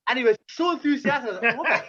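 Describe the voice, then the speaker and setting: A man's voice: very high-pitched, very fast, dull audio. A man, a wrestler telling backstage stories in casual, profane chat and acting out the people in them. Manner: profane, animated storyteller acting out quotes. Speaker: wrestler and podcast regular.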